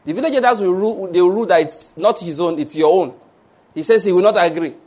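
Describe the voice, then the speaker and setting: A man with a Nigerian English accent preaching a sermon, telling stories, acting out voices and breaking into shouted mock prayers. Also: sits high, fast talker. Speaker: pastor.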